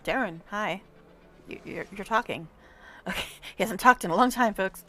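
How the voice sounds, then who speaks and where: A woman's voice: medium pitch, moderate pace, fairly bright tone, a little hiss or hum. A woman streaming a game, chatting casually and gushing with frequent giggles. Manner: giggly and gushing, laughs often. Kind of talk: casual livestream chat while reading game dialogue aloud.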